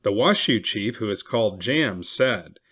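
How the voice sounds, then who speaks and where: A man reading a historical memoir aloud, expressive and raising his voice for cried-out quotes. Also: fairly low pitch, a little slow, slightly rough. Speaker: reader.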